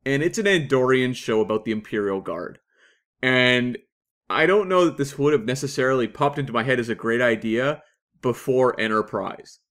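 A man's voice: mid-range voice, normal speed, a bit bright. A Canadian man co-hosting a podcast, chatting casually and enthusiastically with plenty of fillers. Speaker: podcast co-host.

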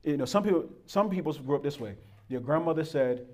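A man preaching a sermon in a fairly high-pitched voice. He moves between loud, emphatic exhortation and soft, low asides, and he addresses the congregation as "beloved." He also acts out a stern grandmother's scolding. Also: expressive, a little fast. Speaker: pastor.

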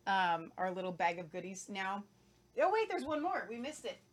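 A woman's voice: mid-range voice, very animated, normal speed, crowd noise. A woman co-hosting a casual chat, tasting snacks on camera and enthusing about each one. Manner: chatty and enthusiastic, talks with mouth full. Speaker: co-host.

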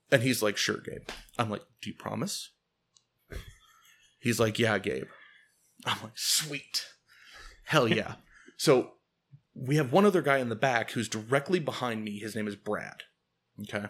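A man hosts a casual podcast and spins a comedic road-trip tale. His voice sits in an ordinary middle pitch. He builds to loud, laughing bursts as the story peaks. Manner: animated, gets loud and laughing at the climax. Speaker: podcast host.

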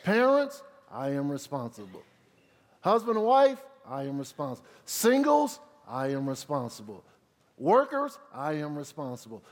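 A man preaching a sermon as pastor, calling out questions to the congregation, dropping low for asides and rising loud on key words. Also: in a large hall. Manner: drops low for asides, rises loud on emphasis.

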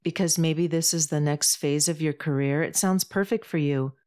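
A woman's voice: low-pitched, normal speed, darkish tone, close to an everyday voice. A woman doing a fatherly, coaxing older man. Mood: earnest. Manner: earnest, coaxing.

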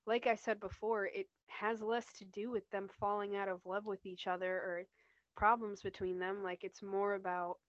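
A woman's voice: medium pitch, flat delivery, moderate pace, no room sound, highs cut off. A woman co-hosting a podcast, chatting casually about a TV episode, with lots of "like" and "you know". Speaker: podcast co-host. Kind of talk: casual TV rewatch discussion.

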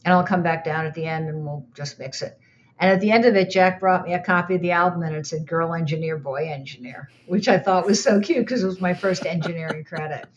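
An older woman with a fairly low voice tells stories from her years as a recording engineer in a relaxed, animated way. She slips into other people's voices when she quotes them. The recording sounds dull and lo-fi. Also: fast talker, a little hiss or hum. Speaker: recording and re-recording mixer. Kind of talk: casual interview storytelling.

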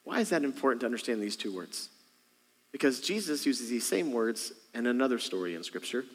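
Male pastor, sermon, chatty and joking with the congregation, medium pitch, large echoing church hall. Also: expressive, brisk. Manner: conversational, rhetorical questions, joking with the congregation. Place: church sanctuary. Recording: long reverb of a large hall.

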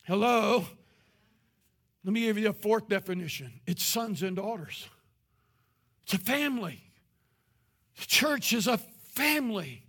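A man, preaching a sermon as pastor with impassioned rises into shouting. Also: extremely high pitch.

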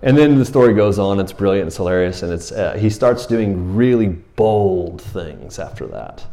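A middle-aged man preaching a sermon, telling a story in a casual, animated way with slang and laughs. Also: low-pitched, normal speed. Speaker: pastor.

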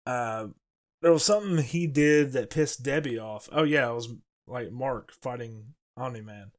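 A man co-hosting a casual podcast discussion, talking animatedly and slipping into quick character quotes as he explains scenes. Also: medium pitch. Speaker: podcast co-host.

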